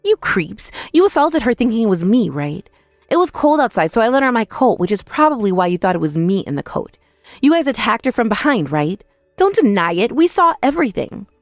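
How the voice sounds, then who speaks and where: A woman's voice: on the high side, big pitch swings, fairly quick, no echo, studio quality, soft background music. A young woman telling a first-person dramatized story in an indignant, accusing manner. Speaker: narrator and protagonist.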